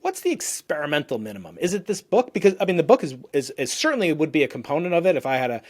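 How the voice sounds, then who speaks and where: A man's voice: fairly high pitch, very animated, very fast. Rambling man in his fifties hosting. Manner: rambling, restarts, many "you know"s. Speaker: podcast host, physicist. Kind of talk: conversational interview.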